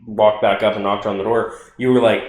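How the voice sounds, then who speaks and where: A man's voice: fairly low pitch, a little fast. A man co-hosting a podcast, chiming in casually and swearing now and then. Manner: relaxed, interjects with short agreements, swears casually. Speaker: podcast co-host. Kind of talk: casual chat. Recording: echoey room.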